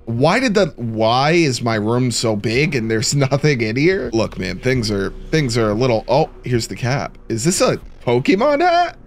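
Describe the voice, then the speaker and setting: Animated man narrating a horror game. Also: medium pitch, a little slow, few pauses, slight background noise. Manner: jumpy, reacts aloud, talks to himself, says bro and dude. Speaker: horror game let's player. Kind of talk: casual gameplay commentary.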